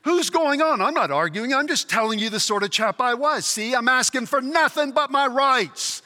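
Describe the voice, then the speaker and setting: A man's voice: extremely high pitch, animated, moderate pace, pushed and bright, pitched above the performer's own voice, exaggerated voice. A pastor voicing a blustering, self-righteous male ghost of a working man who argues indignantly about his rights. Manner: indignant, argumentative, sulky. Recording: reverberant hall.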